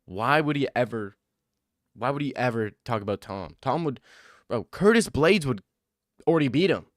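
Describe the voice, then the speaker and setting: Young male streamer, teasing and defensive, average pitch, dead-dry sound. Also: expressive, moderate pace, no echo. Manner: defensive, joking replies to chat, says bro a lot. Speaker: livestreamer reading chat. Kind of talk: casual livestream chat.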